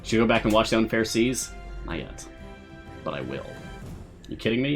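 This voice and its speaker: A man's voice: sits low, brisk, faint music behind. A man hosting a live game stream, chatting casually and answering viewer questions with frequent laughs. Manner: relaxed, chatty, laughs often.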